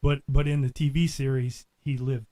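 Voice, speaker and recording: A man's voice: medium pitch, steady tone, normal speed, warm tone, no echo, poor audio. A man chatting casually, often stumbling and repeating words as he starts. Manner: stammering restarts. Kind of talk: casual chat.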